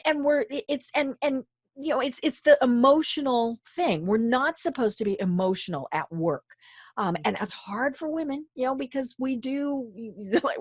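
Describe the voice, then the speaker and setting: A woman with a fairly high voice tells a story in a loose, animated way, laughing now and then. The sound is dry and close, with no room in it. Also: breathy edge, dry recording. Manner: animated, laughs while telling stories. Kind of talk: conversational storytelling.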